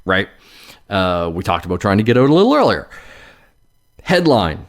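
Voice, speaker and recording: Casting: male podcast host, lively pitch swings, casual, swears freely. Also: normal speed, long pauses. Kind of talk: casual chat.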